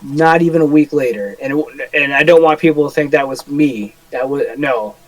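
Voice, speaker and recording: Young man, playful co-host spinning stories, somewhat high voice. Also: fairly quick, no echo, rough recording. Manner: joking storyteller, playful. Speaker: podcast co-host. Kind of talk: casual chat.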